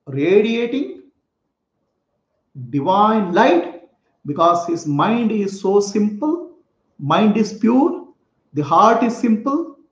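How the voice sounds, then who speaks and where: A man, a spiritual teacher, telling a sacred story for children in simple, repetitive words and explaining terms. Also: high voice. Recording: echoey room, dull lo-fi sound.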